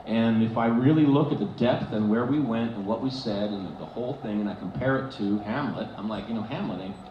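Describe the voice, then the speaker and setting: A man chatting on a convention stage, laughing and restarting his sentences as he tells stories. his mid-pitched voice is picked up by a handheld mic and sounds dull and lo-fi. the hall is roomy and the noisy crowd is clearly heard behind him. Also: brisk. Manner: animated, laughing storyteller with many restarts. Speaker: convention panel guest. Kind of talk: casual stage Q&A storytelling. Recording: echoey hall, dull, noisy fan recording.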